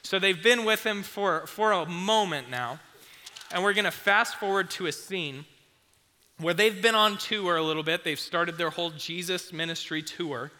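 A youth pastor giving a casual, chatty sermon and acting out the scenes. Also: male voice, high-pitched, normal speed, bright, forceful tone, in a large hall. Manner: chatty and conversational, acts out scenes.

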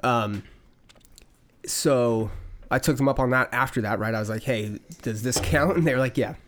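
A man's voice: medium pitch, moderate pace, fairly bright tone, a little hiss or hum. Casual swearing man telling a story. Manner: loose storytelling, swearing, many fillers. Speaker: podcast host. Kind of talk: casual chat.

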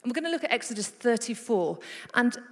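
A woman preaching a sermon, telling stories in an animated way with playful asides to her congregation. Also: fairly high pitch, fast talker. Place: church hall. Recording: reverberant hall.

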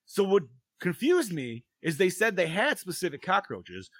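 A man's voice: high-pitched, big pitch swings, moderate pace, no room sound. Giggly swearing podcast host, man. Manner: laughs often, swears freely, loses his place. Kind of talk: casual movie review chat.

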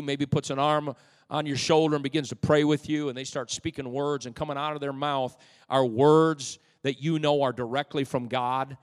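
A male pastor preaching a sermon in a church, building to loud, fervent peaks and dropping in humorous asides to the congregation. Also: fairly high pitch, clear, resonant tone. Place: church sanctuary. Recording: long reverb of a church hall.

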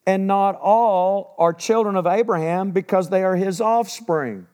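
A middle-aged man with a fairly high voice preaches a sermon. He reads scripture steadily, then drops into loose, conversational explanation. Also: a little slow, warm tone, clean tone. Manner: reads verses then breaks into casual asides.

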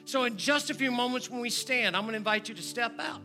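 A man preaching a sermon in a church and leading an invitation, swinging between loud urgent appeals and hushed prayerful moments. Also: extremely high pitch, fast talker, music in the background. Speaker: guest preacher, church member. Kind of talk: sermon with altar call. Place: church sanctuary.

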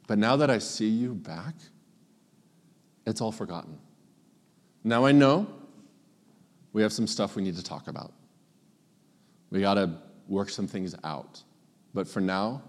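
A man's voice: deep voice, big-room sound. A man acting out a resentful older brother in a sermon, in heated, accusing outbursts and pleading speech.

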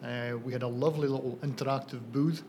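A man in his fifties with a broad northeast Scottish accent, chatting as a guest distiller on a podcast, friendly with frequent pauses. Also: mid-range voice, steady tone, darkish tone, a little hiss or hum. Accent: northeast Scottish, Banffshire. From Scotland. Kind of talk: casual podcast chat.

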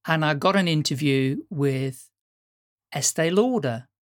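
A woman's voice: low-pitched, lively intonation, measured pace, no echo, clean studio sound. A middle-aged woman from the Netherlands, whose first language is Dutch, hosting an interview and telling stories in a chatty way, laughing often and restarting sentences. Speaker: podcast host. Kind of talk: casual conversational interview.

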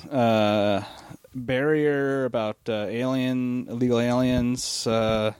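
A man's voice: mid-range voice, steady tone, takes it slowly, a little mellow, clean tone, no room sound. Teasing guy in casual chat, mid voice, dry close sound.

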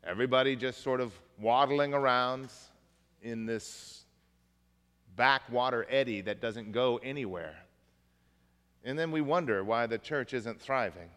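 A man's voice: medium pitch, fairly bright tone, smooth, big-room sound. A man preaching a sermon as pastor, conversational and folksy, mixing jokes into the message. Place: church.

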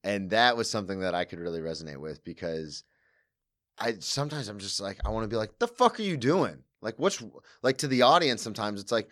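A man with a somewhat low voice hosts a casual conversation. He trades relaxed, profane anecdotes about his temper at work. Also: fast. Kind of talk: casual podcast chat.

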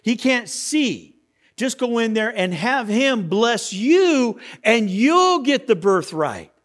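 A man's voice: very high-pitched, big pitch swings, slow, fairly bright tone, full character voice. A man voicing a mother who hurriedly plots with her son, in an urgent, conspiratorial tone. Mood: sly. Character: scheming mother, hurried and sly.

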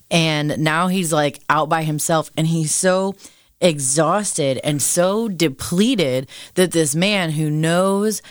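A mid-pitched podcast co-host explains ideas thoughtfully and at length, dropping in quick asides. The voice is close on the mic in a dry room. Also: smooth, dry recording. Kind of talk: casual faith discussion.

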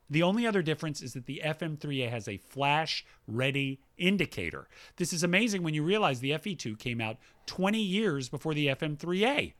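Lively, bright-voiced man reading listener mail. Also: fairly high pitch. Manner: reads emails aloud with asides, animated. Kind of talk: casual chat.

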